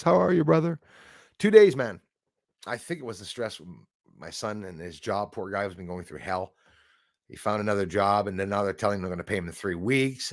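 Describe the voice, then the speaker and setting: A middle-aged man hosting a casual live stream, excitable, thanking viewers by name and swearing when angry. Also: on the low side, brisk, dry recording, clean studio sound.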